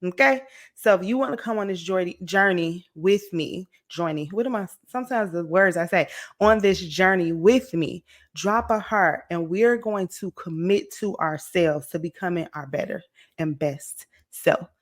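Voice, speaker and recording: A woman about to turn forty, giving an energetic, encouraging motivational talk to her viewers, checking in often with "okay?" and "right?". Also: fairly low pitch, measured pace. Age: late 30s. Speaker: motivational vlogger. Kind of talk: casual motivational talk to camera.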